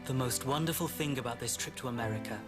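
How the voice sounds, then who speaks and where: An actor playing an earnest young romantic suitor in an animated film, speaking soft declarations of love. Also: male voice, mid-range voice, quick pace, music in the background, close to an everyday voice. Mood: tender. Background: loud film score.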